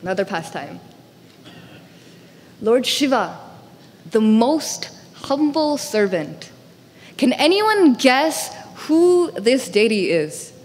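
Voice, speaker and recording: Animated woman telling a devotional story. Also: a little high, slow pace, pauses often, in a large hall. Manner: animated, voices characters. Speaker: storyteller speaker. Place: temple hall.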